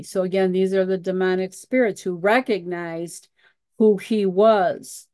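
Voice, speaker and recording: A woman's voice: mid-range voice, little pitch movement, darkish tone, dry recording. Woman teaching a Bible study. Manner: reads scripture aloud, pausing often with fillers and repeated "again".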